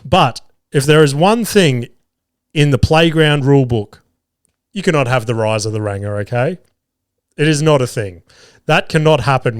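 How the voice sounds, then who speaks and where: A man in his thirties with an Australian accent, hosting a podcast and telling everyday stories in a casual, animated way, swearing freely and laughing at himself. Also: a little high, moderate pace, dry recording, clean studio sound. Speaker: podcast host. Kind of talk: casual storytelling monologue.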